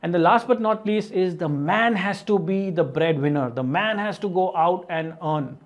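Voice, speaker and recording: Earnest man with a high voice. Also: normal speed. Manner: earnest, asks the viewer questions, many "right?" and "you know". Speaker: motivational video host. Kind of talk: direct-to-camera self-help talk.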